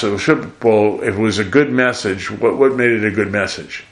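A man's voice: fairly low pitch, moderate pace. An older man giving a conversational sermon, rambling and acting out quoted voices. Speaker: preacher.

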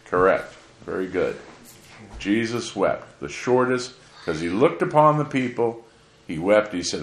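A man's voice: low voice, animated, measured pace, echoey room. A man preaching a sermon as pastor, asking his listeners rhetorical questions. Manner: asks the congregation rhetorical questions.

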